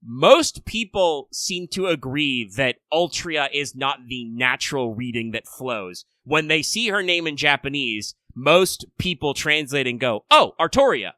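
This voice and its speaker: A man's voice: medium pitch, animated, unhurried, few pauses, sharp tone, no echo. An American man co-hosting a casual podcast chat, rambling with frequent restarts and wry asides. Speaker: podcast co-host.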